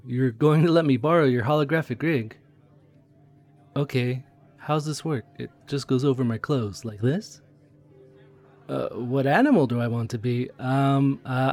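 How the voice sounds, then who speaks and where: A man playing a chatty train conductor. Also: on the high side. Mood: curious. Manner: chatty, curious, easily excited. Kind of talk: audio drama role-play narration.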